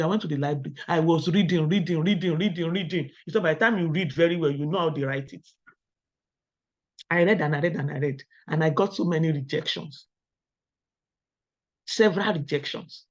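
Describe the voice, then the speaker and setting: A middle-aged Nigerian woman giving a webinar talk, firing rhetorical questions at the audience and telling lively personal stories. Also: lowish voice. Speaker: academic webinar speaker. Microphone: video call. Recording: dull lo-fi online call audio.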